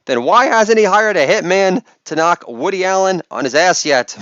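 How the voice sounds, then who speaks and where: A man doing a stand-up comedy routine on stage, delivering crude rapid-fire one-liners and mock hype calls to the crowd. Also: high-pitched, animated, fairly bright tone, no room sound, muffled recording.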